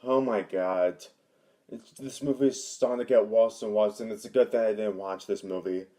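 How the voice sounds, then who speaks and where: A man's voice: on the low side, steady tone, normal speed, mellow. A man chatting casually in reaction to a movie, groaning in disbelief. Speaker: co-host reacting.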